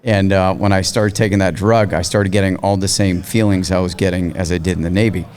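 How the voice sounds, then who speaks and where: Man, middle-aged, very low voice, matter-of-fact, casual interview chat. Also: steady tone, brisk, darkish tone. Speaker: podcast guest.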